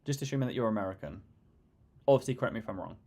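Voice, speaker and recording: A man's voice: fairly low pitch, expressive, very fast, gravelly, mellow. A young man chatting casually with his live stream viewers, rambling and jokey, tired after little sleep.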